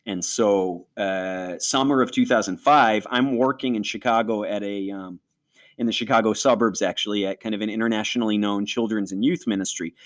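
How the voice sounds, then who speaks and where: Hosting an interview, a man in his forties from Western New York shares his personal faith story in a fairly low voice at a moderate pace. He comes across earnest and reflective, often acting out the thoughts he once had.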